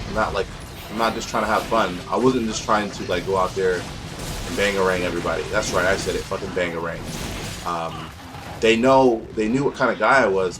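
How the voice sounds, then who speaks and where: A young man with a somewhat low voice rambles through casual gameplay chat, swearing freely and falling into streetwise slang. A steady hum runs behind his voice the whole time. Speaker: gameplay commentator.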